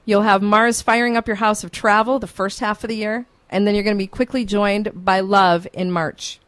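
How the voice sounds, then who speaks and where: A woman hosting a morning radio show, telling a story in an animated, chatty way. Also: medium pitch, moderate pace. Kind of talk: casual radio chat, storytelling. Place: radio studio.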